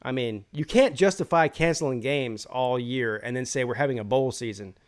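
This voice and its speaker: A man's voice: medium pitch, moderate pace. A man hosting a live college football call-in show, giving his opinions in rambling casual talk full of restarts.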